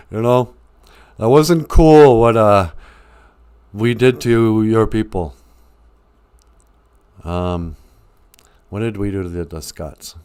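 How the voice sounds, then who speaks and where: A man's voice: fairly low pitch, drawn-out words, long pauses, a little mellow, clean tone. A man hosting a livestreamed podcast, chatting in a teasing, mock-serious way. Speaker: podcast host. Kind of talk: joking livestream chat. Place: home livestream.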